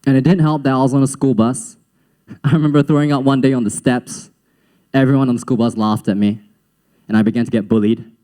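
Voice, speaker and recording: A man's voice: mid-range voice, brisk. A young man from Singapore with a slight Western-sounding accent, telling his life story on stage to a young audience and acting out quotes as he goes. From Singapore, raised in Southeast Asia. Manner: animated storytelling, acts out quotes, laughs often. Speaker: youth event speaker.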